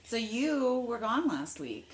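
A woman's voice: fairly high pitch, takes it slowly, a little hiss or hum. A woman co-hosting a podcast in casual chat, telling stories with lots of giggles. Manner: giggly storyteller, animated delivery. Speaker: podcast co-host.

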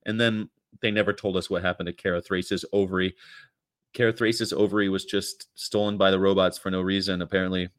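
A man's voice: deep voice, flat delivery, fairly quick. A middle-aged man chatting casually on a stream, sarcastic and rambling, laughing often. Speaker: livestream host. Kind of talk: casual chat reacting to comments.

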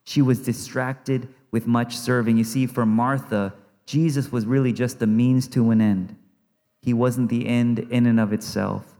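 Brief: male pastor, mid-pitched voice, earnest sermon delivery with repeated phrases, long church reverb. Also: steady tone, unhurried. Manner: earnest, repeats phrases for emphasis, drops softly for quoted words. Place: church sanctuary.

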